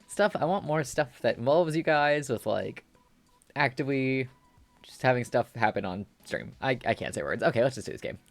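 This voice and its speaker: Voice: mid-range voice, animated, moderate pace, dry recording. A streamer chatting casually and rambling, often restarting and laughing at themself. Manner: rambling, self-deprecating, giggly.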